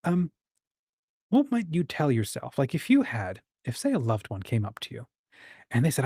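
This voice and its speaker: A man's voice: medium pitch, sing-song, moderate pace, dark tone, breathy edge, no room sound, clean studio sound. A man hosting a casual livestream chat, encouraging and thinking aloud as he acts out quoted voices. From United States. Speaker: livestream host.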